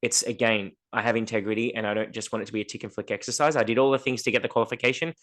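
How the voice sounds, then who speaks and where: A man's voice: on the low side, very fast. A man co-hosting a podcast in casual chat, telling stories and acting out what other people said in a raised voice. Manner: animated storyteller, acts out dialogue in raised voice. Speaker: podcast co-host.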